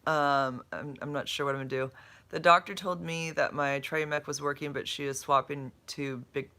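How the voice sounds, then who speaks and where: A woman's voice: low-pitched, fairly even intonation, moderate pace, sharp tone. A woman chatting casually on a live stream from her bed, drowsy and dopey from medication, rambling and tripping over her words as she reads comments. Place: in bed at home.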